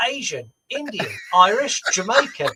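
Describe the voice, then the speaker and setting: A man's voice: high-pitched, very animated, moderate pace, background noise. A man with a Southern British accent, co-hosting a podcast in casual chat and teasing his co-host in a playfully bossy way.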